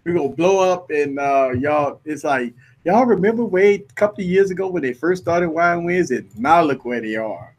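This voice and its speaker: Man hosting a chat, slightly high voice, animated, joking. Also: normal speed. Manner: animated, joking, repeats himself. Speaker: host. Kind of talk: casual livestream chat.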